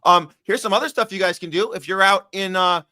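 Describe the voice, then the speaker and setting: A man's voice: high-pitched, brisk, sharp tone, no room sound. A man hosting a podcast in casual chat, joking and chatty, talking straight to his listeners. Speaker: podcast host.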